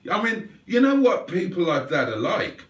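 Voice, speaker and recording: A man's voice: high voice, very animated, normal speed, far from the mic. A man hosting a livestream and reading out chat in a playful, wry, mock-theatrical way. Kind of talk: casual chat.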